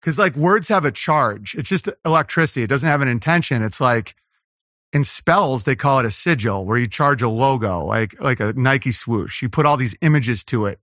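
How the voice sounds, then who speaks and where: Bright-voiced rambling comedian, dull dry audio. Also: male voice, medium pitch, lively intonation, no echo. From Los Angeles. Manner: rambling, riffing, slips into quick impressions. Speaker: comedian guest. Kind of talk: casual podcast conversation.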